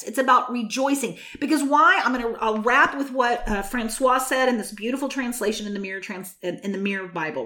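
A woman hosting a Christian podcast, preaching in an animated, exhorting way that breaks into laughter. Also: a little high. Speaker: podcast host and Christian teacher. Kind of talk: casual preaching monologue.

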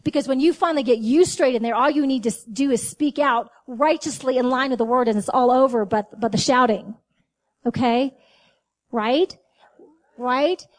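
High-voiced woman preaching animatedly. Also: normal speed. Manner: animated, talks to the audience, acts out dialogue with God. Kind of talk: sermon.

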